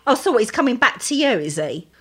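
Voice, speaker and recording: Bright, teasing woman co-host. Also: a little high, big pitch swings, breathy edge. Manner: teasing, laughing, quick quips. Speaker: podcast co-host. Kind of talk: casual chat.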